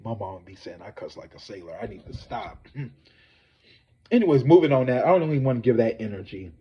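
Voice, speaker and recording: Profane, animated male gossip streamer. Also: medium pitch, a little fast, husky, dull audio. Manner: profane, animated, talks straight to viewers. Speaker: psychic tarot reader and gossip host. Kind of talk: casual celebrity gossip livestream.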